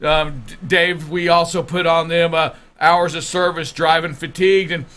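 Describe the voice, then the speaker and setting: A man co-hosting a live talk show with a high voice and a bright, forceful tone. He teases his partner and keeps the banter playful as he moves between topics. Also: moderate pace, smooth, faint music behind. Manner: teasing, playful, animated. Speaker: radio show co-host and producer. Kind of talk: casual joking banter.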